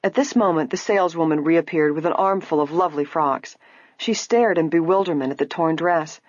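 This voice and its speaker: A woman narrating a story in a steady storytelling manner, in a slightly muffled recording. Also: low-pitched, a little fast, no echo. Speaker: audiobook narrator. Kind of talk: scripted narration.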